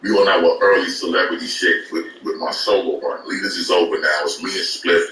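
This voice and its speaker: A man's voice: sits low, steady tone, brisk, bright, forceful tone, roomy sound, far from the mic, rough recording. A man from Brooklyn, telling a long, profane, rambling story as a guest. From Brooklyn, New York. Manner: profane, rambling, repeats words at restarts. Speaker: guest rapper. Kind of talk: casual storytelling.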